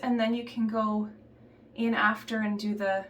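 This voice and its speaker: A woman's voice: a little high, a little slow, roomy sound, recorded from a distance, a little hiss or hum. Chatty woman doing a makeup tutorial. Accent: put-on Southern belle accent. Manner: relaxed, chatty, trailing off and restarting while applying makeup. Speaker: beauty vlogger. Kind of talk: casual makeup tutorial chat.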